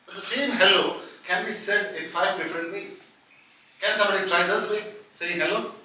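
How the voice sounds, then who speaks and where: Speaking coach, male, Indian English accent, high bright voice, classroom lecture style, recorded far off in an echoey room. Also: fairly even intonation, moderate pace, a little hiss or hum. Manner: explains step by step, asks the room questions. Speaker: public speaking trainer. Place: training room with a live audience. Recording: echoey room, mic at a distance.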